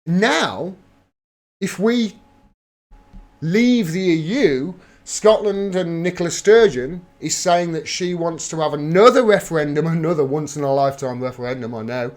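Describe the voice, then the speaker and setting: Male streamer, slightly high pitch, blunt and emphatic, swears freely while reading chat. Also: a little slow. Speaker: livestream host. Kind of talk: live political commentary reading viewer chat.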